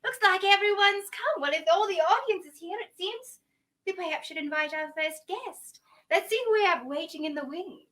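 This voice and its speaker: A woman's voice: very high-pitched, moderate pace, bright, forceful tone. A young woman from Canada hosting a comic livestream in a prim, theatrical, teasing manner. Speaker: host.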